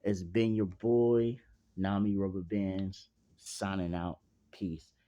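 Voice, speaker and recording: A young man with a lowish voice tells an improvised fan story from home. He rambles, leans on fillers and slang, and swears freely. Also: little pitch movement, slow, dark tone, muffled recording. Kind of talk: casual improvised story narration.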